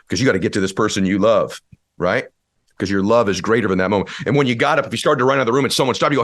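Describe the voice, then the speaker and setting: A man giving a motivational speech, preachy and building to impassioned shouting. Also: mid-range voice, animated, quick pace, no room sound, studio quality. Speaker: motivational speaker.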